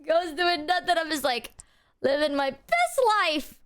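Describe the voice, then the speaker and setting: A woman streamer chatting casually, telling animated stories full of swearing and acted-out quotes. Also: high voice, unhurried. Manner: animated storyteller, swears freely, acts out quotes.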